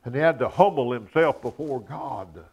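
A man preaching a sermon. He chuckles between points and swells from quiet asides to loud, raised emphasis. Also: medium pitch, normal speed, gravelly, slightly rough.

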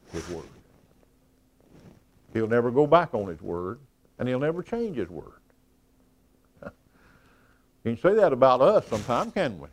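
Male preacher, emphatic evening sermon, repeats words for weight, trails off low. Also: darkish tone. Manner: emphatic, with repeated words and falling phrase ends.

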